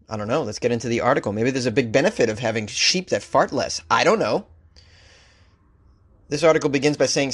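A man who hosts a comedy news podcast, reading odd stories and ranting about them with sarcastic mock outrage. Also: medium pitch. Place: Los Angeles.

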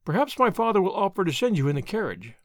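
A man reading aloud as a spirited, impatient young noble lady in an old adventure storybook, with a sharp, exasperated manner. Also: high voice, sing-song, fast talker, no room sound, clean studio sound.

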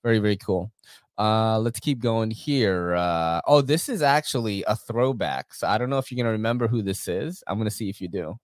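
A man's voice: fairly low pitch, fairly quick, no echo, studio quality. Laid-back, profane male podcast host. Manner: loose and profane, shouting out chat viewers. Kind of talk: casual podcast chat.

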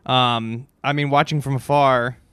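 A man's voice: mid-range voice, little pitch movement, measured pace, a bit bright, smooth, no room sound. A man hosting a podcast, talking casually and hesitantly with many fillers. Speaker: podcast host. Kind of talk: casual interview chat.

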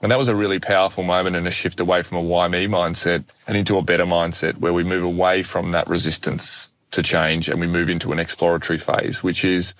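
A young man, an animated, self-deprecating guest telling a personal story in conversation. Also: low-pitched, quick pace, hardly any pauses, no room sound. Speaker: guest speaker.

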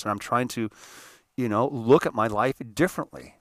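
An older man tells a personal story with a lot of feeling, his mid-range voice recorded close and dry. He rambles, then turns emphatic and forceful when the memory stings. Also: mid-range voice, moderate pace, no echo. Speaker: host.

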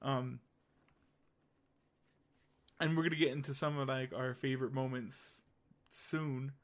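A man's voice: medium pitch, fairly even intonation, measured pace. Rambling young man in casual chat. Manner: rambling, filler-heavy, enthusiastic. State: hiccups. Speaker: podcast co-host.

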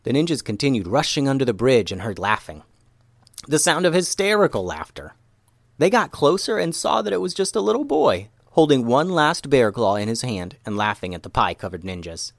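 Guy reading a kids story, lively up and down voice, dry close sound. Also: medium pitch, moderate pace, creaky, no room sound. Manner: animated, expressive reading. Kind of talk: children's story narration.

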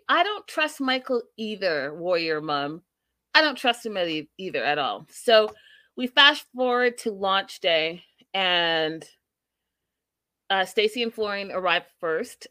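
A woman's voice: lowish voice, pushed and bright, no echo. A young adult woman hosting a casual reality TV recap, chatty and opinionated, with playful asides to her viewers.

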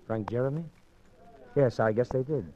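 A man's voice: mid-range voice, normal speed, warm tone, close to an everyday voice. A man playing a wealthy, courteous man under suspicion in 1940s radio acting, easygoing with hesitant restarts. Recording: dull lo-fi old radio recording, faint music.

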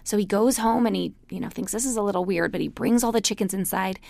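A woman's voice: medium pitch, fast talker, creaky, a little mellow, dry recording. A middle-aged woman teaching a class, chatting casually and telling a story with frequent laughs. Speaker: class instructor. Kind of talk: casual spoken lecture.

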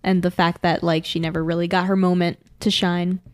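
A woman's voice: lowish voice, flat delivery, fairly quick. A woman co-hosting a podcast, chatting casually and leaning on filler words. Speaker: podcast co-host. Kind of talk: casual chat.

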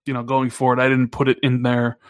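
A man co-hosting a gaming podcast, talking in a casual, teasing way and jumping up in pitch when he jokes. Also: a little fast, clean tone, no echo, studio quality. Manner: animated, teasing, pitch jumps up when joking. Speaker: podcast co-host.

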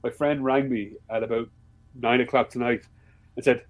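A man's voice: medium pitch, steady tone, brisk, low-quality recording. An Irish man in casual podcast chat, swearing freely and telling stories with animation. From Ireland. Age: adult, with a father-in-law. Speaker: podcast guest.

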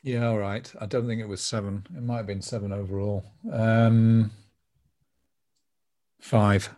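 A man's voice: fairly low pitch, little pitch movement, measured pace, mellow. A man, a journalist co-hosting a football podcast, flustered and self-mocking as he struggles through a quiz.

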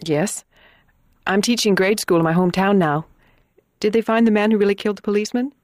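An earnest young schoolteacher woman, voiced by a performer in a dramatized audiobook. She asks direct, pressing questions at a middle pitch. The sound is dry and close. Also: brisk, no echo, natural voice. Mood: earnest, curious.

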